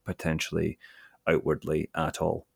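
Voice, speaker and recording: Scottish man, deep low voice, podcast co-host, casual joking chat, swears freely, dry close sound. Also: monotone, moderate pace, creaky, husky, no room sound. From Scotland.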